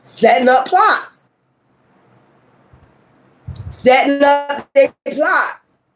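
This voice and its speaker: A high-voiced woman talks to her viewers as a tarot reader in a loose, heated monologue. She presses her points hard, swears freely and circles back to the same phrases again and again. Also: animated, very slow. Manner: emphatic, profane and repetitive. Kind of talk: casual ranting monologue.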